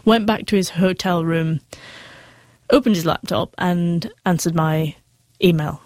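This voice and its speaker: A woman's voice: lowish voice, a little slow, a little mellow, no room sound. A middle-aged woman who stutters, telling her personal story candidly as an interview guest. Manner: stutters with sound repetitions, candid and earnest.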